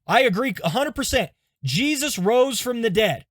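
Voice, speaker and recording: A man voicing an unconvinced skeptic who shrugs things off in an offhand, casual way. His voice sits fairly high for a man. The sound is dry and close. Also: very animated, normal speed, fairly bright tone, no room sound, exaggerated voice.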